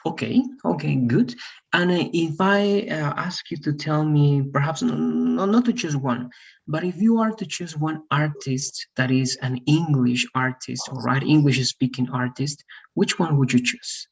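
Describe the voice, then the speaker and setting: A man's voice: fairly high pitch, measured pace, vocal fry, slightly rough, highs cut off. A man teaching an English lesson over a video call, patient, often checking in with "right?". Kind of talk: one-on-one online English lesson.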